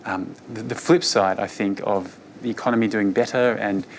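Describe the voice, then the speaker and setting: A fund manager, a man, giving an investor presentation on markets in a relaxed, conversational way with frequent fillers. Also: on the low side, normal speed, slight background noise.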